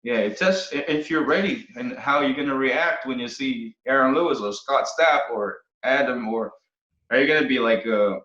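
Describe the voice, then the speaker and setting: A man from the Philippines, a guest musician, talking casually in an interview, often pausing and restarting his sentences. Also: mid-range voice, pushed and bright. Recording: roomy, dull podcast audio.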